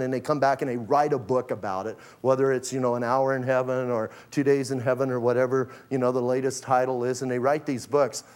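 A man preaching a lively, casual sermon full of slang and acted-out asides. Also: medium pitch. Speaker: pastor.

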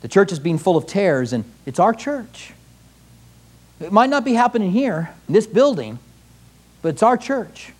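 A man's voice: high voice, very animated, moderate pace, pauses often, husky. A male pastor preaching a fervent sermon in a church, firing pointed rhetorical questions at the congregation.

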